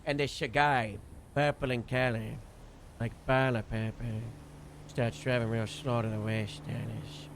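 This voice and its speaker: A man casually recounting a role-play shift as a streamer, rambling with lots of fillers and animated bursts. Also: medium pitch, measured pace, a little hiss or hum. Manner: rambling, full of "you know" and "like" fillers; animated retelling with sudden loud bursts. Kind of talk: casual storytelling recap.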